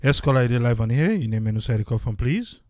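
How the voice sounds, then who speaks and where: A man hosts a call-in radio show with a Sierra Leonean Krio accent. His voice is mellow and dark, and it sounds dry and close to the mic. He moves callers along with brisk, set phrases. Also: medium pitch, animated, no room sound. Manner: brisk, formulaic prompts.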